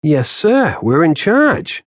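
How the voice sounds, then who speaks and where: A man's voice: fairly high pitch, sing-song, slow, slightly rough, no echo, clean studio sound, pitched above the performer's own voice, exaggerated voice. A man voicing a joking, somewhat nervous male police detective. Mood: earnest. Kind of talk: audiobook character voice.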